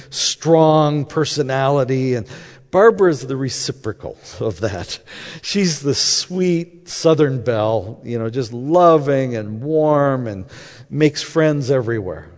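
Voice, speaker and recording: A man tells a story in an easy, conversational way and voices each person in it. His pitch sits in the middle range. His voice rings with the long reverb of a large hall. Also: expressive, measured pace. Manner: conversational, acts out quoted dialogue. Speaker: speaker telling a faith story. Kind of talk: anecdotal storytelling talk.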